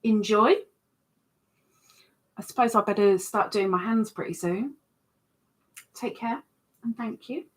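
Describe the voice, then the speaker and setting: Slow-talking woman chatting on a livestream. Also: mid-range voice. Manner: chatty and self-mocking, reads out comments. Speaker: livestream host. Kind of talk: casual livestream chat reading viewer comments.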